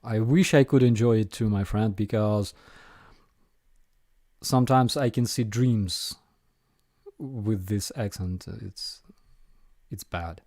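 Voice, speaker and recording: A man with a Ukrainian accent hosting a casual live Q&A, answering viewer questions in an unhurried way with frequent ums and dry jokes. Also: fairly low pitch, a little mellow, dry recording. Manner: unhurried, frequent ums and uhs, dryly joking.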